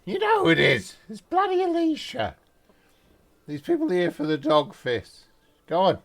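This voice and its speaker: Man doing a gushing high-voiced half-gnome woman. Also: a little slow, gravelly, full character voice. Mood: yelling. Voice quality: high squeaky put-on falsetto. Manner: gushing and flattering, salty slang.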